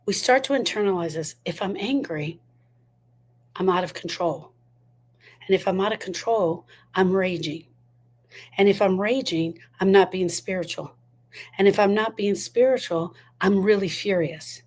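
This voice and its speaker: A woman's voice: mid-range voice, normal speed, darkish tone. A woman giving a motivational talk on grief, emphatic and full of repeated rhetorical questions. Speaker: grief educator.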